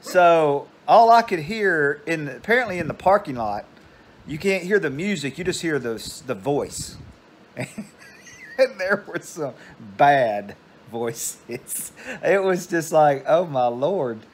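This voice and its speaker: A man's voice: fairly high pitch, expressive, slow pace. An older man, casually telling a meandering story at home. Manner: meandering, digressive. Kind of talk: casual rambling anecdote.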